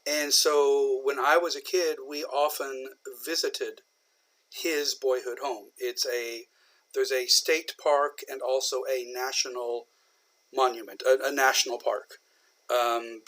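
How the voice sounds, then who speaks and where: Guy teaching english, slow and patient, lots of ums and pauses. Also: mid-range voice, sharp tone. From southern Indiana, USA. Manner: slow, patient explaining with many pauses and fillers. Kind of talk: recorded online lecture.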